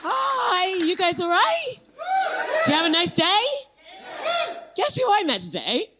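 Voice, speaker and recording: A woman's voice: very high voice, sing-song, measured pace, very noisy. A woman with a posh English accent doing a live stand-up set on a club stage, chatty and playful, bantering with the crowd and laughing between lines. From England, London then West Country. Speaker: stand-up comedian.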